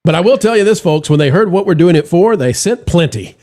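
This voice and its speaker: A man's voice: sits high, a little fast. A man hosting a live stream, chatting jokily and reading out donations. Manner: animated, jokey, reads donations aloud. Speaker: show host. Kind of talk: casual live-stream chat.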